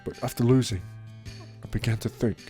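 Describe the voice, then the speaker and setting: A man's voice: medium pitch, a little fast, warm tone, faint music behind, lightly acted. A man doing a stern old lord. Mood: solemn. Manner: solemn, lecturing. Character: stern older male lord, a father. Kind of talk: let's play voice acting.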